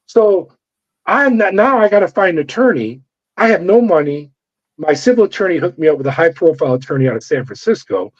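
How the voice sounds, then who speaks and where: A middle-aged man, a former corrections officer, telling his story in an interview with animated, profane delivery and acted-out dialogue. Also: a little high, brisk. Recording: dull lo-fi audio.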